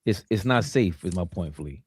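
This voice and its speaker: Lively New man, joking banter. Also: deep voice, moderate pace, breathy edge. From New York (Queens). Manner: animated, joking, acts out quoted friends. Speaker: podcast co-host. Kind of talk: casual podcast chat.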